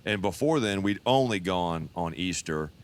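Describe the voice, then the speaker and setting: A pastor in his fifties telling his life testimony in a relaxed, folksy storytelling manner. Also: deep voice, normal speed. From Texas. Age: 50s.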